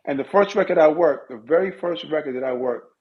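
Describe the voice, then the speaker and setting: Animated middle-aged man telling stories. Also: a little high, brisk. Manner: animated storyteller with lively asides. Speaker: music industry guest. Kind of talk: casual storytelling interview. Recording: dull lo-fi audio.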